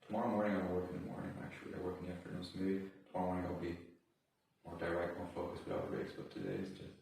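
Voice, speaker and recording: A tired man talking to himself as he studies, muttering and slowly sounding out new words. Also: low-pitched, vocal fry. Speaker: language learner vlogging. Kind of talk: casual self-talk while studying. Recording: very echoey room, distant from the mic, faint noise.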